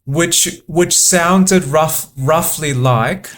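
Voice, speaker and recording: Very slow, halting male gamer. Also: on the high side, a bit bright, a little hiss or hum. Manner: halting, repeats words often while thinking aloud. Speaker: gameplay commentator. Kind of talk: relaxed let's-play commentary.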